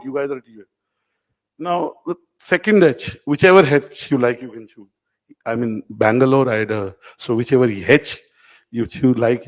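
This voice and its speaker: A man's voice: mid-range voice, a little mellow, poor audio. Middle-aged man, anecdotal and informal on stage. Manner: conversational, anecdotal, addresses audience members by name. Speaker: media company owner addressing award winners. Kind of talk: informal keynote speech. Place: event hall.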